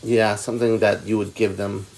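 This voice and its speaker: A man's voice: lowish voice, flat delivery, normal speed, darkish tone. A man hosting, talking through business plans in an eager, rambling way. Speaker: host. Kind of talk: casual planning chat. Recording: talk over music. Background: music.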